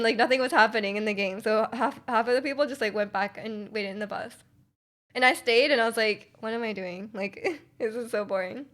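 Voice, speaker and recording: A woman's voice: a little high, fairly bright tone. A young woman from Canada, a streamer chatting casually with her live chat, rambling with lots of restarts and fillers and laughing often.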